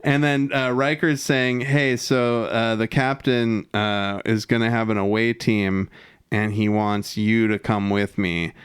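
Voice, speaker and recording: A man co-hosting a podcast, casually recapping an episode, swearing freely and acting out the characters' lines in quick put-on voices. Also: on the low side, flat delivery, clean tone. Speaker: podcast co-host.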